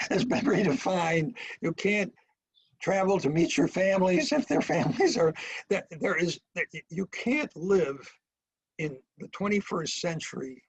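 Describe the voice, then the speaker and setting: An older American man with a husky, slightly high voice speaks as a professor being interviewed. He talks haltingly, restarting his sentences and circling back to his point with a dry wit. The sound is close and dry, with little room echo. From United States. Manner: halting, many restarts and fillers, with dry humour. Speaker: international relations professor, guest. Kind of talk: remote interview.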